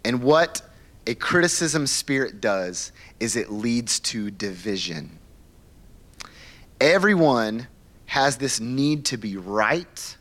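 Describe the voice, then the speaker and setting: A man's voice: medium pitch, a bit bright. A man preaching a conversational sermon in church as pastor, asking the congregation questions and acting out quoted people. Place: church sanctuary.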